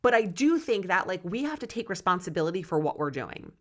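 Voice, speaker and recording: A woman's voice: fairly low pitch, very animated, a little fast. Impassioned woman hosting a solo podcast. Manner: impassioned, candid, swearing. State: close to tears. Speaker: podcast host.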